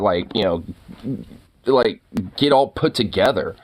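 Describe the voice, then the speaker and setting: A man's voice: fairly low pitch, animated, unhurried, long pauses. A young man chatting casually with his viewers, rambling, laughing often and swearing freely. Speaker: streamer.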